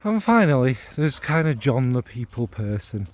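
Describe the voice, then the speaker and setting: This middle-aged fragrance vlogger from the North Midlands of England speaks at normal speed, his medium-pitched, slightly mellow voice swinging widely in pitch. His casual monologue on fragrances is rambling and self-deprecating, full of ums and asides, with slight background noise.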